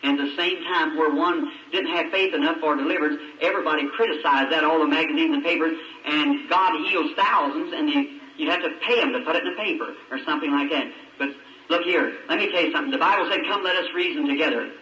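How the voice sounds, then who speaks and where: A man preaches with fervent conviction, turning his sermon into a gripping personal story. His voice sits high and rings bright and sharp. The old archive recording catches him from across an echoing hall. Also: quick pace, slight background noise. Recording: echoey old archive recording from a distant mic.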